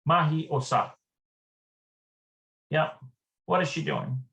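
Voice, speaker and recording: A Hebrew teacher giving a live online lesson, thinking aloud, hesitant and repeating words slowly. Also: medium pitch, gravelly, a bit bright.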